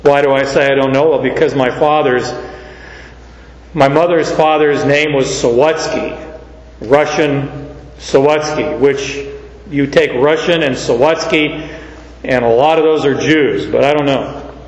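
A man from Canada teaching a verse-by-verse Bible sermon as a pastor, slow and emphatic, asking rhetorical questions. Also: mid-range voice, steady tone. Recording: echoey hall, dull lo-fi sound.

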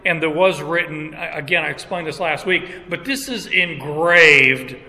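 A middle-aged male pastor preaching in an unhurried, halting way, often restarting his phrases. His voice is very bright and a bit high, and it rings out with a long hall reverb. He sounds like he's in a church sanctuary. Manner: slow, halting, with restarts and chuckles. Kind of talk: sermon.

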